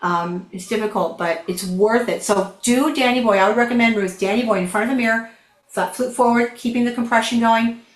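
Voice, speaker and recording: A woman's voice: a little high, fairly quick, echoey room. A woman teaching a flute masterclass over a video call, chatty and enthusiastic. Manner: chatty, enthusiastic, animated storytelling.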